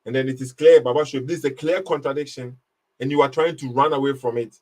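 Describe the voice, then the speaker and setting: A man's voice: medium pitch, steady tone, fast talker, a little mellow. A man hosting a live online debate, talking emphatically and mocking the caller's argument. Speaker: live stream host. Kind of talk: casual live debate commentary.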